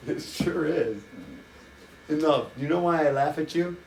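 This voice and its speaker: Animated, swearing man in an echoey room. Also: a little high, a little slow, vocal fry, slight background noise. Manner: animated, profane, teasing. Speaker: vlogger. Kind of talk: casual chat. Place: hotel room. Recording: echoey room, mic at a distance.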